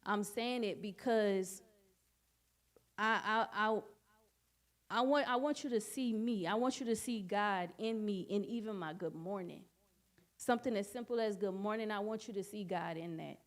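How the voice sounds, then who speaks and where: Woman, church study speaker, earnest testimony that repeats key phrases, mid-range pitch. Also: moderate pace. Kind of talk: personal testimony talk.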